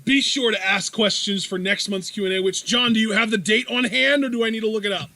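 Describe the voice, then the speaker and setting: A man co-hosting a casual Q&A show, joking and energetic, wrapping up the episode. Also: high voice, a little fast. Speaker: podcast co-host. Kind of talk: casual chat.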